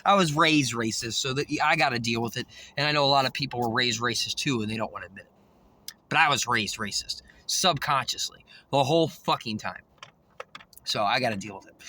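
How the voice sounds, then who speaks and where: A man's voice: high voice, bright, forceful tone. A man ranting in a rambling monologue, swearing constantly and laughing often. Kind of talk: rambling profane rant.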